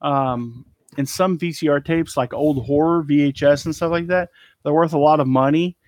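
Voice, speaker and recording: A man's voice: a little high, steady tone, moderate pace, darkish tone, no echo. A man chatting casually as an online reseller, rambling through his haul and trailing off with ums. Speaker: eBay reseller showing a haul. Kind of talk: casual live haul chat. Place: cluttered storage room indoors.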